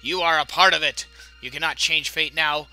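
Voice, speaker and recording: A man's voice: fairly high pitch, fairly even intonation, moderate pace, bright, forceful tone, soft background music, low-quality recording. A man voicing a haughty, cruel queen for a video game playthrough, with an imperious, scornful delivery.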